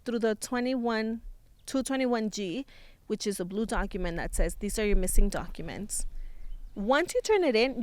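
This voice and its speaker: A young woman telling a story in casual chat, animated and acting out what people said. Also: medium pitch, no echo. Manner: animated, acts out quotes with a rising voice. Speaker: co-host of a couple's channel.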